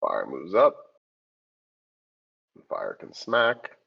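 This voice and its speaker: A deep, gravelly man with a husky edge runs a tabletop fantasy game as dungeon master. His pitch swings widely as he makes laid-back rulings, heard through dull, lo-fi stream audio. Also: huge pitch swings, extremely slow.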